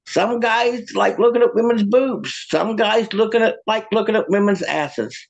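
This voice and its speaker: High gravelly comedian, halting delivery. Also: male voice. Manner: deadpan one-liners with halting restarts. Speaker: stand-up comedian. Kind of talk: stand-up comedy set.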